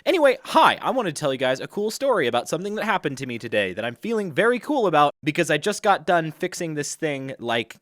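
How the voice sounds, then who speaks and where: A man vlogging, telling a story casually, animated and self-deprecating. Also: a little high, fast, hardly any pauses, no echo, clean studio sound.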